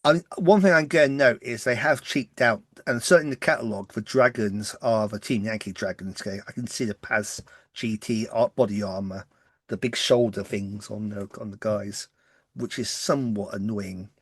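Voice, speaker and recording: A man with a mild English West Country accent, co-hosting a podcast and chatting casually, talking fast when excited. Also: fairly low pitch, no echo, clean studio sound. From West Country, England. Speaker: podcast co-host. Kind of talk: casual chat.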